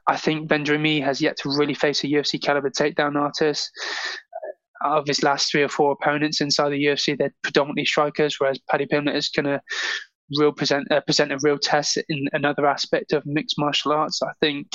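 Man breaking down fights, flat tone. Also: fairly high pitch, no room sound, muffled recording. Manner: measured, with filler "you know". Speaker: podcast co-host, fight analyst. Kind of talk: casual betting analysis.

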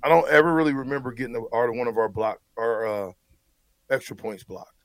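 A man's voice: medium pitch, fairly even intonation, a little fast, no echo. Blunt former lineman talking football. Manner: blunt, emphatic, repeats words when worked up. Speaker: former player turned football analyst. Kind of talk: casual sports talk.

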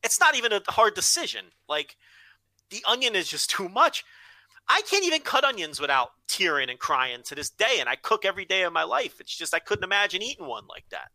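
A man co-hosting a podcast, telling a story with plenty of swearing in a casual, animated way. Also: sits high, a little fast, dry recording, poor audio. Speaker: podcast co-host.

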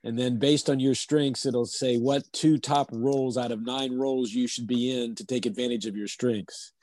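Calm, measured male coach. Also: medium pitch, no room sound. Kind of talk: explaining and telling a teaching story on a video call.

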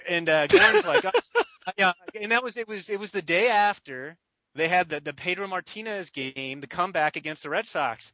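A man co-hosting a podcast, telling a story in a casual, animated way with laughs. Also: high voice, normal speed. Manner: animated, laughing, acts out quotes. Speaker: podcast co-host, draft writer. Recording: dull lo-fi dry podcast audio.

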